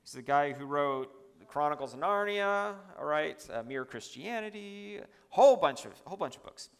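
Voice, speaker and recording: A man's voice: fairly high pitch, lively intonation, normal speed, creaky, smooth, long reverb tail. A man preaching a sermon in a church, emphatic and chatty, with asides to the congregation.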